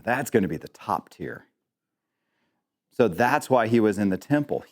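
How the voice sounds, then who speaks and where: A man's voice: lowish voice, darkish tone. Man teaching a chatty Bible class. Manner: conversational, quizzes the class, joking asides. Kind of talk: interactive Bible lesson.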